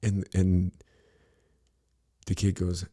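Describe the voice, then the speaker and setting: A man's voice: low-pitched, completely flat delivery, very slow, mellow, slightly rough. A middle-aged man talking bluntly and casually on a podcast, rambling and profane, with lots of "you know" between his thoughts.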